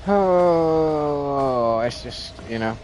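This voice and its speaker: A man's voice: fairly low pitch, moderate pace, a little hiss or hum. A man streaming a game, venting in a rambling rant full of restarts and swearing, and in nicotine withdrawal. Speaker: livestream gamer.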